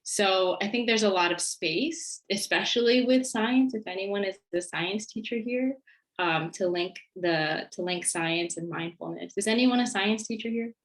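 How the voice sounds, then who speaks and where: A woman mindfulness educator and former science teacher, talking as a guest in a relaxed, friendly way. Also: medium pitch, unhurried, rough recording. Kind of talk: conversational interview.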